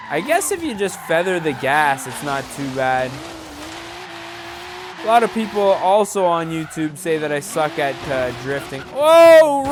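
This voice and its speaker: A man casually commenting on his own racing gameplay, rambling and laid-back, full of fillers. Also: on the high side. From Canada. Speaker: gaming YouTuber. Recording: loud game car and tire noise under the voice.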